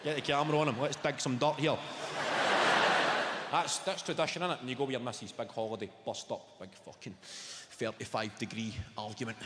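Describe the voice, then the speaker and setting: A Scottish comedian with a mid-range voice talks fairly quickly in a steady tone during live stand-up with crowd work. Sardonic and foul-mouthed, he teases the audience in a large theatre, and the very noisy recording is full of echo and loud laughter.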